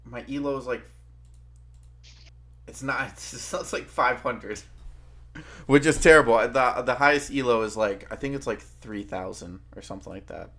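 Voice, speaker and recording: A man's voice: medium pitch, normal speed, pauses often, a bit bright. A man co-hosting a stream, laid-back and a bit hesitant, laughing often in casual chat.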